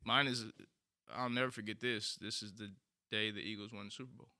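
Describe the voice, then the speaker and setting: A man co-hosting a podcast, chatting casually and telling an animated story that sometimes bursts into shouting. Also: fairly low pitch, a little fast. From United States. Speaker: podcast co-host. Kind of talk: casual chat.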